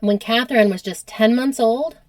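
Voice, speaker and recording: An American woman hosting a casual history podcast, chatty and quick to laugh at herself. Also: a little high, no room sound. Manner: chatty, laughs often, self-deprecating. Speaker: podcast host.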